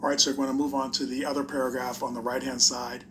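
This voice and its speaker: Brief: male host of a history explainer, monotone read, faint background noise. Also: mid-range voice, fast. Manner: plain explanatory delivery with fillers. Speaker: video host. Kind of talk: narrated history video reading old newspapers.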